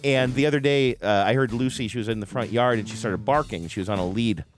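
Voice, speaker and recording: A man's voice: medium pitch, quick pace, faint music behind. A middle-aged man hosting a podcast, telling a story in a casual, self-deprecating way and raising his voice when he quotes people. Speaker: podcast host.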